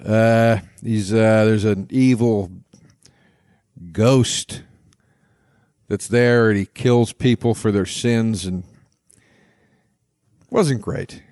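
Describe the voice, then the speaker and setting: A man's voice: fairly low pitch, drawn-out words, pauses often, a little mellow, clear, resonant tone, no echo, studio quality. Blunt, rambling male podcast co-host. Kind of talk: casual chat about movies.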